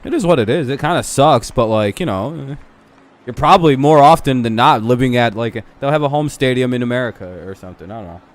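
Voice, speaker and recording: Watching a game along with his live stream audience, a man chats casually, swearing a lot, arguing and rambling. His mid-range voice is lively in intonation and fairly quick.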